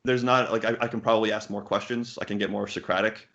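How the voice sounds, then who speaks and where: Blunt, low-voiced man, swearing casually. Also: steady tone, quick pace, fairly bright tone. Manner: blunt, swears casually, many fillers and restarts. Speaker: poker coach. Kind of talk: candid interview answers. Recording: muffled lo-fi audio.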